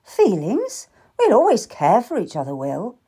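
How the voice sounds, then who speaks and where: A woman reading the lines of a spirited young Tudor lady, high-pitched and emphatic in her protests. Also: wildly swooping pitch, a little slow, dark tone, husky, heavily acted. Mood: protesting.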